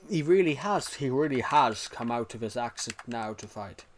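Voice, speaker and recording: A man's voice: mid-range voice, expressive, normal speed, a little hiss or hum. A man streaming live, chatting casually, reacting to chat and rambling through restarted sentences.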